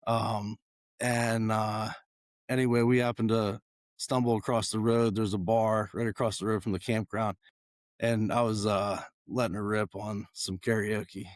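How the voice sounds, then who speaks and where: Hoarse, raspy man, slow and halting. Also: on the low side, level tone, no room sound, clean studio sound. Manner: halting, many fillers and restarts. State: hoarse, losing his voice. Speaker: guest. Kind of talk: casual conversation.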